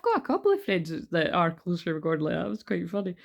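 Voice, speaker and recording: A woman's voice: on the low side, a little fast, hardly any pauses. A woman giving a casual, rambling tarot card reading, laughing and swearing freely as she talks. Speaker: tarot reader.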